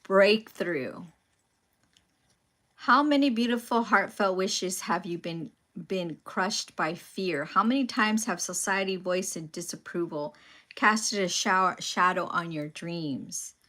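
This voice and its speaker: A woman giving a tarot reading, musing aloud in a slow, pausing way about what she senses. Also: on the low side, bright, forceful tone. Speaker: tarot reader.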